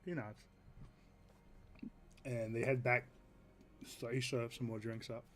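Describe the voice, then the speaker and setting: A man running a tabletop game as game master, narrating in a relaxed, halting way. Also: mid-range voice. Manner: relaxed, hesitant with fillers.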